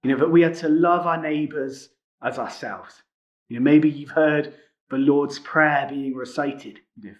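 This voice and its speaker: A man's voice: on the high side, steady tone, unhurried. A man preaching a sermon in a conversational way, often adding tag questions such as "isn't it?". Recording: muffled lo-fi recording.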